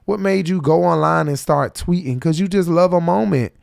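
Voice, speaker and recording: A man's voice: fairly high pitch, moderate pace, creaky, noisy background. A man hosting a reaction show, giving blunt, profane, heated commentary. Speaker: host.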